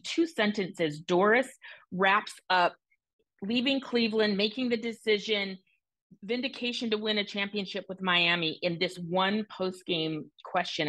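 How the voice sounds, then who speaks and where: A woman's voice: lowish voice, no room sound, poor audio. A woman sports reporter speaking enthusiastically in a panel discussion. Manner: enthusiastic, self-described softie. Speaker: sideline reporter.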